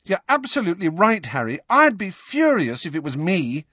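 An anxious, earnest teenage girl, as a male reader puts her on, speaks quickly in a high, pleading voice. The storybook reading is dry and slightly lo-fi, with a faintly husky edge. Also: very animated, sharp tone, no room sound, heavily acted.

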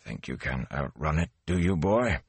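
A man voicing a gruff older male gleeman who mutters and growls hoarsely. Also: very deep voice, animated, measured pace, no room sound, voice pushed down, heavily acted.

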